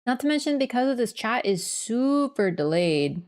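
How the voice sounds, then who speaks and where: A woman's voice: on the high side, big pitch swings, normal speed, darkish tone. A woman streaming a video game, chatting casually to her viewers, apologetic and swearing now and then. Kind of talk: casual livestream chat.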